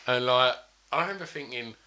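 A man's voice: mid-range voice, a little fast, pushed and bright. A man telling a rambling anecdote in casual podcast chat, full of fillers and restarts. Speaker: podcast guest.

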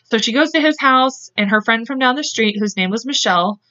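A woman's voice: fairly high pitch, fairly quick, pushed and bright, muffled recording. A young woman co-hosting a podcast, casually retelling a crime case in a chatty way and acting out the quotes. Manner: chatty, acts out quotes, laughs often. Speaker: podcast co-host. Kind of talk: casual true-crime storytelling.

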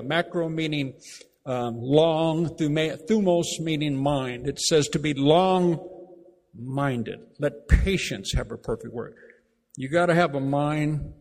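A man preaching a sermon, emphatic, repeating key phrases and slowing down to read scripture aloud. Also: fairly high pitch. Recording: long reverb of a large hall.

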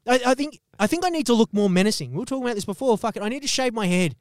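A man's voice: very high-pitched, expressive, fast, no room sound, clean studio sound. A man co-hosting a podcast, delivering an exaggerated, profane comedic rant with bursts of laughter. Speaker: podcast co-host.

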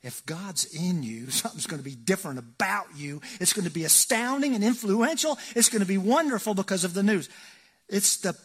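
Husky folksy preacher man. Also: high-pitched, lively intonation, brisk. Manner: folksy, joking, swings between loud emphasis and hushed asides. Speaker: pastor. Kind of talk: sermon.

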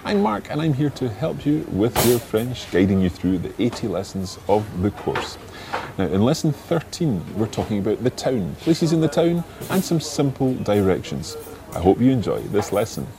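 A man hosting a podcast language lesson, patiently repeating words slowly for practice. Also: medium pitch, very animated, noisy background. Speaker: language teacher and podcast host.

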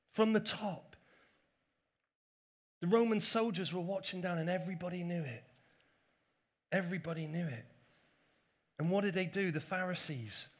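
A pastor preaching a sermon to a church congregation, telling the story with playful asides. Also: male voice, high-pitched.

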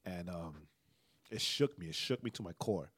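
A man's voice: sits low, lively intonation, normal speed, a bit bright, breathy edge, dry recording. A man who is a pastor, telling a painful personal story in casual podcast talk, emotional and earnest, often checking in with "right?". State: emotional, tearful.

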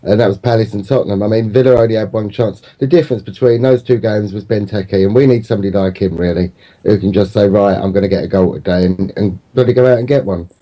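A man co-hosting a football podcast, chatty and quick to cut in with apologies. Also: lowish voice, dark tone. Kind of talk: casual chat.

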